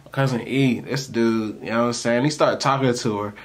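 A man's voice: medium pitch, brisk. A man telling a story casually to camera for his vlog, in a loose, slangy, rambling way that keeps breaking into laughs. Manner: animated, acts out the people he quotes. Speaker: storytime vlogger.

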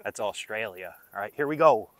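A man's voice: lowish voice, lively intonation, normal speed, no echo. A young man hosting a fishing vlog, joking and rambling to his viewers while he fishes by a river at night. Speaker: fishing vlogger. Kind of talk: casual vlog narration.

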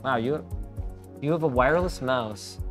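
A man's voice: medium pitch, moderate pace, fairly bright tone, faint music behind. A man from Canada in a casual gaming chat, matter-of-factly explaining tech and correcting his friend. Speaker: guest streamer.

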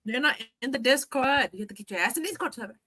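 A woman's voice: sits high, lively intonation, racing, pushed and bright, husky. A woman from California, a guest on a live stream, talking bluntly with slang and swearing. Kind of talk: casual live-stream chat.

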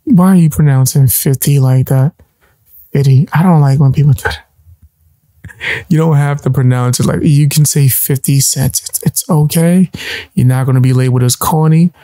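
A man's voice: fairly high pitch, fairly quick, mellow, dry recording, clean studio sound. A man co-hosting a casual chat, laid back and rambling in asides. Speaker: co-host.

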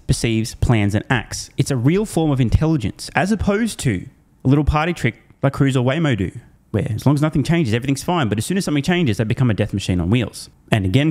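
A man talking straight to his viewers in a loose, casual commentary. His delivery is animated and sarcastic, full of swearing and disbelief, and it sits at a middle pitch for a man. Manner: upbeat sponsor read. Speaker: finance video host.

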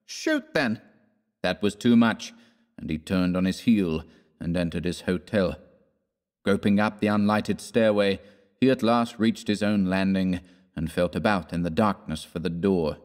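A man narrating a classic horror story in a measured, dramatic storytelling manner. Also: sits low, steady tone, a little mellow, long reverb tail. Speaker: audiobook narrator.

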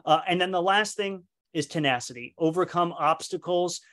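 A man teaching a leadership training session, his voice sitting a little high for a man. He talks earnestly and conversationally, repeating and restarting words and slipping into quoted dialogue as he goes. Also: moderate pace, fairly bright tone. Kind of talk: professional training lecture.

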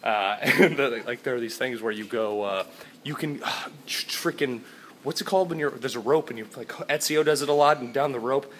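A man's voice: medium pitch, a little fast, a little hiss or hum. Goofy, rambling tired man vlogging. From Florida, USA. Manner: goofy, rambling, jumps between loud bursts and mumbling. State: tired, out of breath. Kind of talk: hyper casual travel vlog. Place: hotel rooms, halls and balcony.

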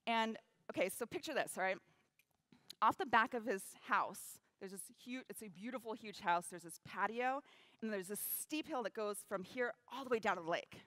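A woman giving a keynote talk on stage, telling a story in an animated way, acting out quotes and laughing often. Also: medium pitch, normal speed, dry recording. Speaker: keynote speaker. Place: event stage.

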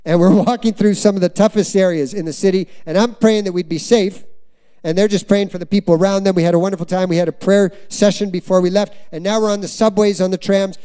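High, smooth-voiced male preacher. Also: quick pace. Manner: animated storytelling, acts out quoted voices. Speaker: guest preacher, missionary. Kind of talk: storytelling sermon. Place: church sanctuary.

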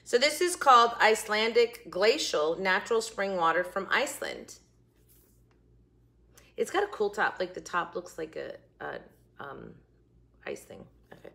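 A middle-aged woman hosting a casual food review vlog, chatty and jokey, with quick asides that sometimes drop to a whisper. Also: medium pitch, pushed and bright. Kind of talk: casual chat to camera.

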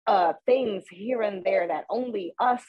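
A woman's voice: mid-range voice, a little slow, no echo. A woman from Puerto Rico hosting a podcast, chatting casually and telling stories with a lot of laughter. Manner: animated storyteller, laughs often. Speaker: podcast host. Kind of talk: casual interview chat. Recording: muffled lo-fi sound with a husky edge.

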